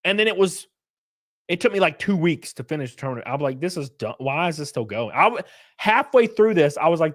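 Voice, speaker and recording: A man in his thirties hosting a livestream, ranting loudly and profanely in casual chat, laughing between rants. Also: a little high, animated, brisk. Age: 30s. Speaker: livestream host.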